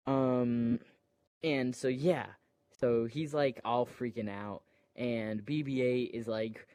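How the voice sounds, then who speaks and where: A man's voice: medium pitch, takes it slowly, darkish tone, no room sound. A man casually retelling a film scene by scene, full of fillers, acting out moments and sound effects.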